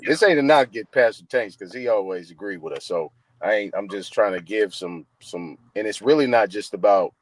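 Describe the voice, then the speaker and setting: A man on a panel in casual chat, speaking in halting, relaxed slang. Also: on the low side, low-quality recording.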